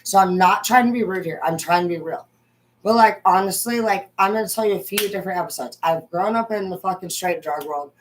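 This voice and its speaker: A young adult woman from Washington state, angrily ranting to her viewers and swearing constantly, swinging between loud outbursts and low muttering. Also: fairly quick, a little hiss or hum, rough recording. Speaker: vlogger. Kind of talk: profane ranting monologue.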